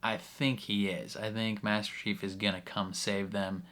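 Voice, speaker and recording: Chatty young man, low voice. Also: level tone, moderate pace, a bit bright. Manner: chatty, laughs often, many fillers. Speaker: reaction video host. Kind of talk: casual reaction recap.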